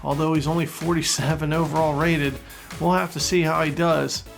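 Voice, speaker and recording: Excitable man doing mock football commentary. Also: fairly high pitch, normal speed, vocal fry, faint music behind. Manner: mock sportscaster, excitable, jokey. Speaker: gaming YouTuber. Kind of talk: let's-play commentary.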